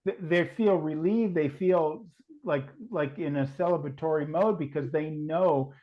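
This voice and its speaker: Guy on a podcast, kinda higher voice, muffled dull line, talks it through slowly. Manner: thoughtful, restarts and hedges often. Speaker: guest. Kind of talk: casual podcast chat.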